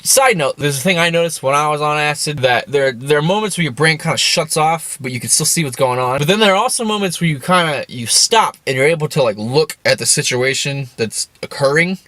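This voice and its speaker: A young man telling a rambling comic story in casual speech, swearing heavily and getting animated. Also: on the high side, brisk, few pauses, dry recording. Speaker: storyteller host.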